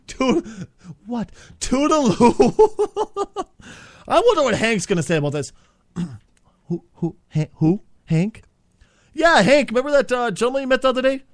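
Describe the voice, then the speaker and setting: A man hosting a comedy show, bickering and swearing, jumping between squeaky outbursts and low grumbling. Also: lively intonation, normal speed, dry recording, clean studio sound. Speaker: podcast host.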